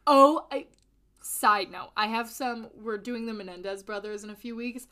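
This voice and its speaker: A woman's voice: a little high, moderate pace, fairly bright tone. A young woman hosting a casual true-crime podcast, chatty and giggly, swearing casually as she tells the story. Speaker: podcast host.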